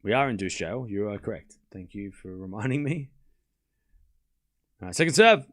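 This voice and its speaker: A young man hosting a live tennis stream. He calls each shot in quick bursts and chats casually with his viewers between points. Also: lowish voice, animated. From Australia. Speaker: stream host and tennis commentator.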